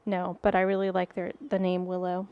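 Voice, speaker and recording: A woman's voice: on the low side, completely flat delivery, fairly quick, smooth, muffled recording. A woman co-hosting a podcast, chatting casually with many hesitant ums. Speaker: podcast co-host. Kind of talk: casual chat.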